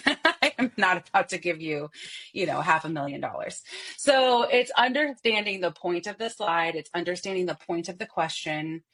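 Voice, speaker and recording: A woman voice coach appears in a podcast interview, speaking expressively at normal speed in a voice on the low side. She demonstrates vocal styles, showing how she can shift her voice.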